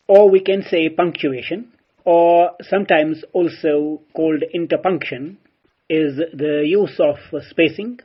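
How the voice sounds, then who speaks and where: A man's voice: a little high, husky, highs cut off. A man teaching a recorded grammar lesson, explaining formally and calling his listeners dear friends. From Kashmir.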